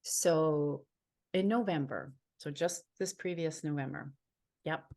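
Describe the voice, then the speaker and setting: A woman's voice: sits low, takes it slowly, warm tone. A woman from Ontario, Canada, a healer and psychic, telling a personal story as an interview guest in an earnest, heartfelt way, repeating phrases for emphasis.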